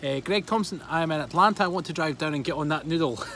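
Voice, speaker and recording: Scottish man, 30s, chatty livestream host, high lively voice, faint background noise. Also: fast talker. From Scotland. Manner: chatty, greets viewers, laughs often. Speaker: fitness coach and livestream host. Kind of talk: casual livestream chat. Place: by a hotel pool outdoors.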